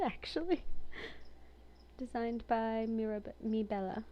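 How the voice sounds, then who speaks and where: A woman's voice: on the high side, a little slow, muffled recording, a little hiss or hum. A woman chatting casually and with amusement as she reviews a game collection, reading entries aloud between her own comments. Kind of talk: casual commentary while browsing.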